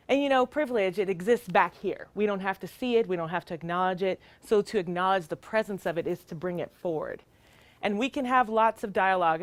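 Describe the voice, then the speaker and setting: A woman's voice: mid-range voice, no room sound. Earnest woman giving a training talk. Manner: earnest, emphatic, rhetorical questions. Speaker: child welfare worker and presenter.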